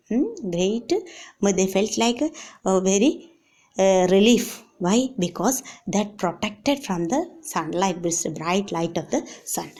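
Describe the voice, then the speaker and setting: A woman's voice: mid-range voice, darkish tone. A woman teacher works through a story one line at a time. She keeps asking her pupils who and why, hums between phrases, and restates each line in simpler words. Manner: reads a line, then quizzes and rephrases it with many hums and fillers. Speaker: English teacher. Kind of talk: classroom lesson explaining a story.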